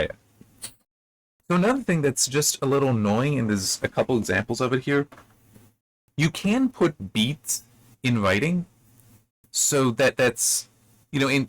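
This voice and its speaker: Critiquing a book chapter in a casual, rambling way, this man keeps restarting his sentences, and his pitch spikes whenever he gets heated. His voice is somewhat bright, recorded with no room sound.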